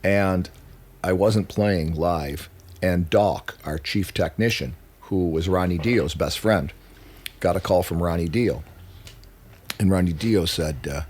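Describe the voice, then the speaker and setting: A man guest in an interview, telling stories in a loose, animated way, swearing freely and acting out what others said. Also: low voice, unhurried, breathy edge. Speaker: musician guest. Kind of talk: casual interview storytelling.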